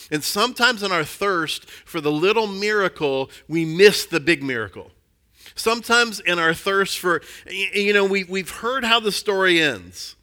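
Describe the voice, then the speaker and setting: A man's voice: high-pitched, moderate pace. A man giving an earnest, conversational sermon, reading scripture aloud and explaining it to his listeners. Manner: earnest and conversational, drops softer on emphasis and acts out quoted voices. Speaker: preacher.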